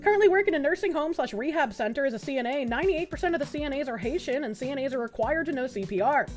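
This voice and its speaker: A woman's voice: high-pitched, lively intonation, rapid-fire, soft background music. A woman streamer in casual chat, reading viewer messages aloud, swearing often and laughing easily.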